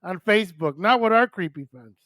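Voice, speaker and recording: A man's voice: high-pitched, expressive, a little fast, fairly bright tone, no room sound. An older man from New hosting a live radio stream, chatting loosely and cursing with a friend. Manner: loose, profane, joking. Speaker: radio show host. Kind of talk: casual live-stream chat.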